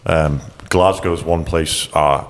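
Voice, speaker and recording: Very deep-voiced, laid-back swearing man. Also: fairly even intonation, slow pace, long reverb tail. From Scotland. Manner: laid-back, swears a lot, quotes people in raised voices. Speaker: podcast guest. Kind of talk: casual chat.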